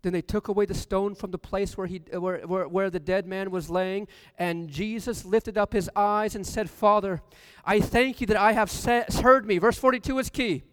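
High-voiced preacher in a reverberant hall. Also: male voice, fairly even intonation, moderate pace, clean tone. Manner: asks the congregation questions, rising to loud emphasis. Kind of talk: sermon with scripture reading.

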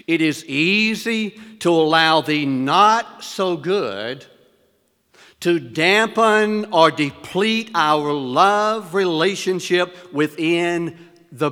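Male preacher, unhurried sermon cadence, lifts his voice for scripture, echoing church hall. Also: on the high side, bright, forceful tone, smooth. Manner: slow, deliberate emphasis with rhetorical questions to the congregation; reads scripture in elevated, rising tones.

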